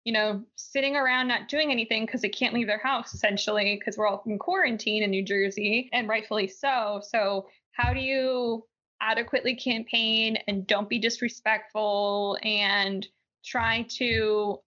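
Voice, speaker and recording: A woman's voice: fairly high pitch, steady tone, moderate pace, sharp tone, highs cut off. A woman co-hosting a podcast, chatting casually through the week's news with frequent laughs and "like" fillers. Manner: giggly, chatty, many "like" fillers. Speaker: podcast co-host. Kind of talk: casual news-review chat.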